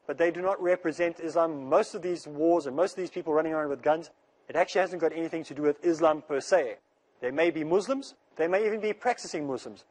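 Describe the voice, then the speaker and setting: A slightly mellow, fairly high male voice belongs to an Islamic speaker giving a fast-paced religious lecture. Earnest and reassuring, he reinforces each point through stacked repetition.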